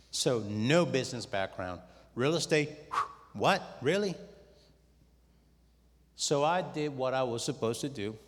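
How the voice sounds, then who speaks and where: A middle-aged man giving a testimony talk to a conference audience, telling his story in a lively way and acting out his own quoted words. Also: mid-range voice. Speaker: conference speaker. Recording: long hall reverb.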